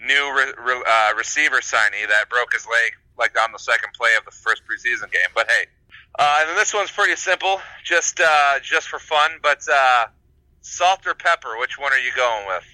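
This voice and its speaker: A man's voice: medium pitch, lively intonation, moderate pace, pushed and bright, no echo, low-quality recording. A man co-hosting a podcast in casual chat, hesitant with lots of fillers and frequent laughter. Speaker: podcast co-host.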